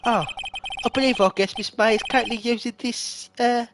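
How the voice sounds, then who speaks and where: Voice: medium pitch, fairly even intonation, normal speed, noisy background, voice pushed up, lightly acted. A streamer voicing a polite, deferential hotel bellboy in a Michael Caine impression while reading a video game aloud. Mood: courteous. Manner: formal, deferential, says sir often, Michael Caine impression. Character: polite elderly male butler-like hotel bellboy. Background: loud game music.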